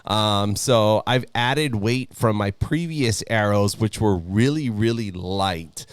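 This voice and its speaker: A man co-hosting a podcast, talking in a relaxed, easygoing way with lots of fillers. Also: on the low side, takes it slowly, clean tone, dry recording. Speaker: podcast co-host. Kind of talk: casual podcast chat.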